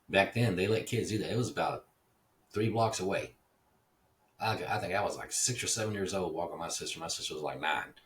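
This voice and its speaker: A Texas-raised man with an extremely deep voice, talking in a loose, wandering monologue and swearing casually. The mic sits some distance away, with faint hiss underneath. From Dallas, Texas (Oak Cliff). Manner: rambling, digressive, swears casually. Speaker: podcast host.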